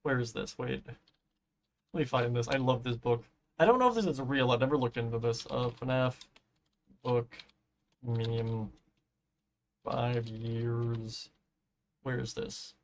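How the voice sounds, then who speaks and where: A man's voice: mid-range voice, takes it slowly, long pauses, slight background noise. A man chatting casually on a live stream while building in a game, rambling, humming to himself and swearing offhand, his voice giving out.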